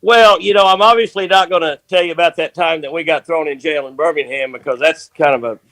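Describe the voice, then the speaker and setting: Gravelly older man spinning yarns. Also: on the high side, quick pace, dry recording. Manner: rambling, animated anecdote telling. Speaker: fishing guest. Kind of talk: folksy storytelling.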